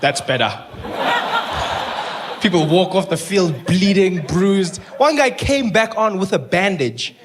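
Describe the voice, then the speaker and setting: A South African man performing stand-up, with a high, lively voice that keeps jumping into little characters. There is a clear hiss of noise under the live stage recording. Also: slow pace. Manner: animated, jumps into voices, laughing asides. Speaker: stand-up comedian. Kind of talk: stand-up comedy. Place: comedy stage before a live audience.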